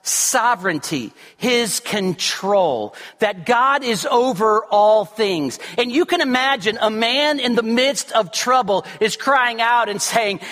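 A man preaching a sermon as pastor, earnest and emphatic, rising to near shouts and dropping low and quiet. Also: animated, slow, few pauses, in a large hall.

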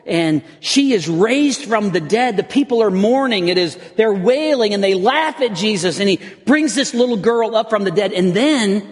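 A man's voice: high voice, lively intonation, moderate pace, few pauses, breathy edge. A man preaching a sermon as a pastor, earnest and building to intense emphasis, with frequent restarts. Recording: long reverb of a hall.

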